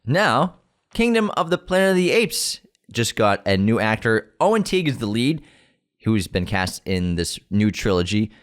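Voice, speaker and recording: A man's voice: lowish voice, normal speed. Man co-hosting a casual podcast. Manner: relaxed, reads news items then riffs and jokes. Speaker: podcast co-host. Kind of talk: casual chat.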